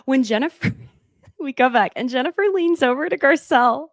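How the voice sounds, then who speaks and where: A woman's voice: high voice, moderate pace, no echo, clean studio sound. A woman chatting casually as she recaps a reality show, gushing and often laughing. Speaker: recap host.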